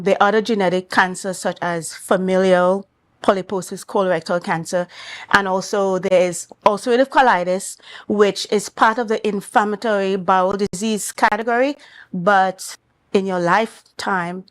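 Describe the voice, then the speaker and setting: This is a female doctor with a Trinidad and Tobago accent, explaining matters in a measured, clinical way as a morning talk show guest. She has a mid-range voice with fairly even intonation.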